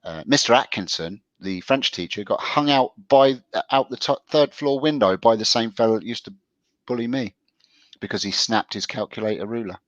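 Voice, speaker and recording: A man's voice: normal speed, dry recording, dull audio. A man co-hosting a casual show, telling stories in a chatty way with frequent laughs. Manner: chatty storyteller, laughs often, lively pitch. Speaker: co-host. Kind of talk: casual chat.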